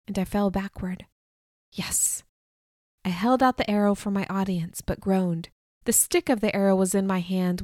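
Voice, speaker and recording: A woman narrates a first-person audiobook in a steady, measured voice at a middle pitch. Her asides drop soft and low. The sound is close and dry, with no room around it. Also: no echo.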